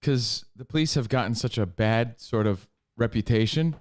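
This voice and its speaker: A man's voice: medium pitch, normal speed. A man co-hosting a casual talk show, blunt and profane as he needles his partner. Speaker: co-host. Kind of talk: casual radio-podcast banter.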